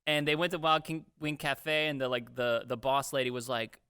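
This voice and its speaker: Young male podcast co-host, animated storyteller, bright clear voice, dry. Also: mid-range voice, moderate pace, no echo. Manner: animated, acts out quotes, swears freely. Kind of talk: casual storytelling.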